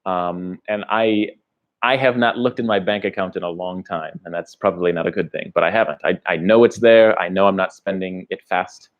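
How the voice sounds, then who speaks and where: A fairly low-pitched American man chats loosely on a travel livestream, answering viewer comments in a rambling way with frequent restarts. The sound is dull and lo-fi. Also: fairly even intonation, normal speed. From United States. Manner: rambling, chatty, restarts, laughs between thoughts. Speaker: travel vlogger. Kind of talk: casual livestream chat reading comments.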